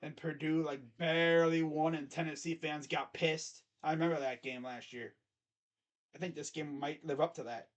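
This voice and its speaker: A man's voice: a little high, fairly even intonation, moderate pace. A man hosting his own channel, giving casual sports predictions in a rambling, self-correcting way. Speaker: host. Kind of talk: casual sports picks commentary.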